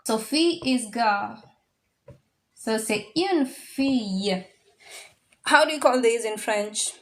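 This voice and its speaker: A woman teaches French to a class, with a fairly high voice. She talks slowly and patiently, repeating each word several times so the students can follow. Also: animated. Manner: slow, repetitive drilling of words; mixes in Swahili phrases. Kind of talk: classroom language lesson.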